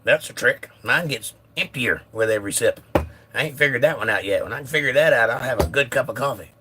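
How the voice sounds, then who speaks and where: A man hosting a casual live stream who is a little hoarse, reading viewer comments aloud in a laid-back way. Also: medium pitch, brisk, background noise. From United States. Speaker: livestream host reading chat.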